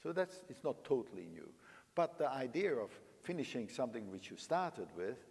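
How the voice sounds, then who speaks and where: A man's voice: mid-range voice, big pitch swings, normal speed, gravelly, a little mellow. An older man teaching a piano master class. He sings phrases aloud and coaches his student with emphatic, coaxing instructions. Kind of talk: coaching a young pianist. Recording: large hall with long reverb, piano playing.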